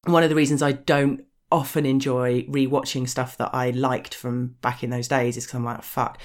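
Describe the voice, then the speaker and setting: A woman's voice: rumbling low, flat delivery, moderate pace, darkish tone. A woman with a posh English accent, chatting frankly as an interview guest, swearing freely and laughing often. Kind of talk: casual interview chat.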